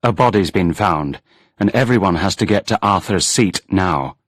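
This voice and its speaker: A cheerful male police officer teases his friend down the phone in a storybook reading, voiced by a male narrator. The voice is husky and fairly low, with a lively, bouncing lilt. The sound is close and dry. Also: moderate pace, no echo. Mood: brisk. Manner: teasing, dryly amused.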